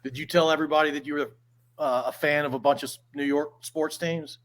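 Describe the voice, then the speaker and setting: A man's voice: fairly high pitch, fairly even intonation, fairly quick, fairly bright tone. A man hosting a podcast, asking casual, conversational questions with a few restarts. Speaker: podcast host. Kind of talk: conversational interview.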